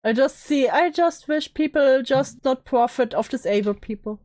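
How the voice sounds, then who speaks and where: A woman's voice: high-pitched, moderate pace, dark tone. A woman co-hosting a reaction stream, playful and joking in short interjections. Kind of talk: casual reaction chat.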